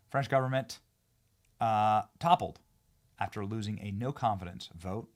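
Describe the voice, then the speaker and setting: A man hosting a political commentary show, talking excitably with sarcastic asides. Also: measured pace. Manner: excitable, sarcastic, swings between loud outbursts and low asides.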